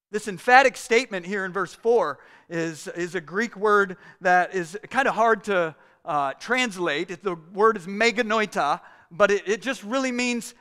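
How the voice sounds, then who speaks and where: High-voiced man preaching earnestly. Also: moderate pace, a bit bright, clear, resonant tone. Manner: earnest, conversational preaching with frequent restarts. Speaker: pastor. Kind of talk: sermon.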